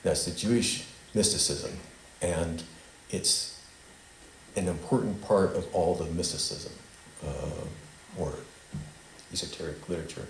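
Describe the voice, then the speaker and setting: Speaking a little slowly in a low-set voice, a man teaches a small group in the meeting hall of a spiritual center. He meanders and leads a repeat-after-me recitation, while the echoey room adds faint noise.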